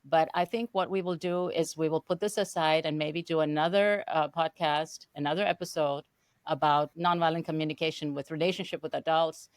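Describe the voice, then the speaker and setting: A woman's voice: deep voice, fairly even intonation, a little fast, smooth, dry recording. An older woman hosting an interview podcast, welcoming her guests formally and asking questions. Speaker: podcast host. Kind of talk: hosted interview.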